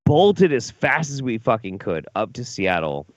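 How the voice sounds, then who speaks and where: A man's voice: medium pitch, unhurried, no echo, highs cut off. Profane rowdy man telling stories. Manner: profane, animated, acts out drunken quotes. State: drunk. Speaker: co-host. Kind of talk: rowdy storytelling chat.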